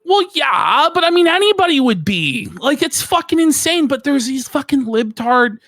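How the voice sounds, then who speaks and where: Profane, animated commentary host. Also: male voice, very high voice, moderate pace, dry recording, studio quality. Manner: profane, excitable, shouts bursts of mock outrage. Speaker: podcast co-host. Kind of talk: crude comedic commentary.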